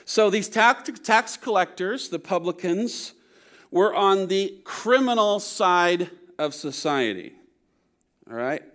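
A pastor delivering a sermon in a slightly higher-pitched male voice. He keeps it conversational, breaking in with asides and checks of "okay?" to his listeners. Playful humor runs through his teaching. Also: lively intonation, takes it slowly, fairly bright tone. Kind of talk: sermon to a congregation.

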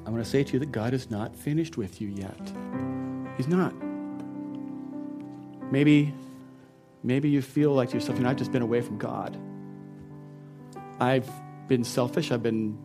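A man's voice: medium pitch, unhurried, long pauses, over music. A middle-aged man, a pastor, preaching a sermon in an earnest and personal storytelling way, often laughing.

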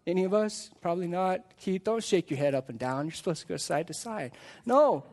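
A man's voice: high voice, expressive, a little fast, a little mellow. A male pastor preaching a live sermon to his congregation in a church, earnest and full of repeated rhetorical questions.

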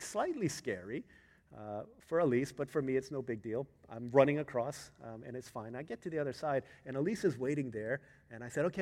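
A male pastor preaching in a long-reverb sanctuary, his mid-pitched voice dropping to near-murmurs and then climbing to emphatic peaks. He tells a story with lively, vivid build-ups. The hall rings out behind each phrase. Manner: animated storyteller, swings from hushed to loud. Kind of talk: sermon storytelling.

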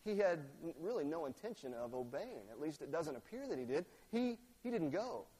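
High-voiced man preaching in a reverberant church. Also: big pitch swings, a little fast, warm tone, breathy edge. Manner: conversational preaching, acting out quoted lines. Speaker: pastor. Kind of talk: sermon. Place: church sanctuary. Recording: long reverb of a large church.

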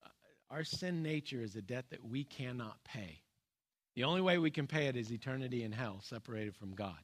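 A man preaching a sermon in an earnest, plain-spoken way. His voice sits at an ordinary middle pitch, and he often pauses and restarts. He lets key points fall low and soft. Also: animated. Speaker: pastor.

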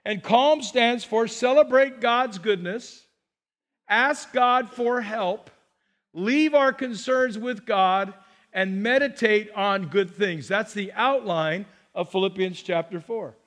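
High-voiced male pastor preaching. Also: takes it slowly, fairly bright tone. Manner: conversational preaching with rhetorical questions. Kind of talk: sermon. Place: church sanctuary.

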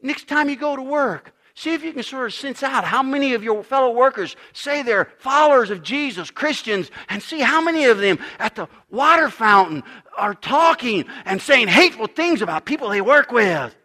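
A middle-aged pastor preaching a sermon, emphatic, dropping to a hush and then rising loud again. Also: male voice, very high voice, lively intonation, moderate pace, hardly any pauses. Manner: emphatic preaching, swinging between loud and hushed.

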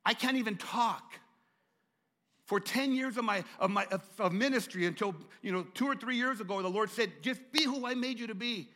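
A middle-aged man pastor preaching a sermon, stuttering and repeating words, swinging from hushed tones to loud, emphatic passages. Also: high-pitched, a little fast, few pauses, big-room sound.

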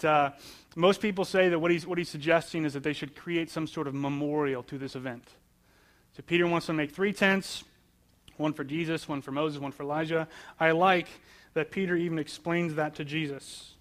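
Male pastor, a bit higher-pitched than most men, chatty sermon delivery that stacks up repeated phrases. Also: a bit bright. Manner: conversational, asks questions and answers them.

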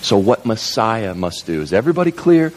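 A man preaching a sermon as a pastor, telling the story in an animated, jokey way. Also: lowish voice, brisk, big-room sound.

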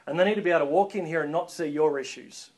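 A man preaching a sermon as a pastor, lively and joking, calling on the congregation to respond. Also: a little high, racing.

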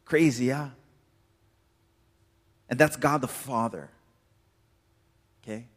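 A man's voice: mid-range voice, takes it slowly, a bit bright. A man preaching a casual sermon in a laid-back, chatty way, full of filler words. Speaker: pastor. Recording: reverberant hall.

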